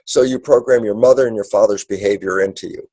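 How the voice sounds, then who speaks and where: Male speaker, warm husky tone, emphatic lecture delivery, dry close sound. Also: fairly low pitch, no echo, rough recording. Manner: acts out dialogues in quick asides. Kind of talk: animated lecture.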